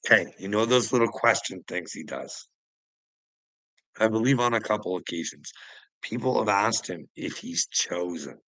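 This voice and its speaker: A man's voice: on the low side, lively intonation, measured pace, long pauses, fairly bright tone, no echo, rough recording. A man delivering a profane, confrontational vlog rant, taunting the people he addresses. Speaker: online commentator. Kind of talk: ranting vlog monologue.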